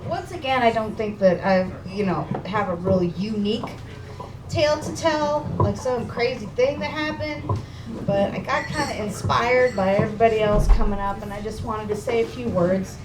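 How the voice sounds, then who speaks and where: A woman's voice: mid-range voice, moderate pace. A woman telling a heartfelt personal story to an audience at a live gathering, emotional and casual, often saying dude and swearing. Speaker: speaker at a memorial gathering. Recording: echoey room, distant mic, background noise.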